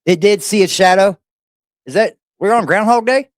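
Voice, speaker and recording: A man's voice: high voice, normal speed, dry recording, clean studio sound. A man hosting a live stream in a casual, playful way, greeting chat viewers one by one.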